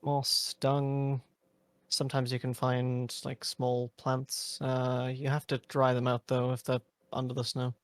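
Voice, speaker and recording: A man playing a tabletop game in character, explaining slowly and thoughtfully. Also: medium pitch, completely flat delivery, no echo. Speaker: player.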